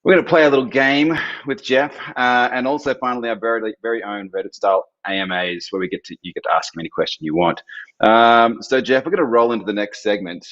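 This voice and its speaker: A man's voice: mid-range voice, quick pace, fairly bright tone, muffled recording. A man hosting a live stream, chatty, reading out viewer questions.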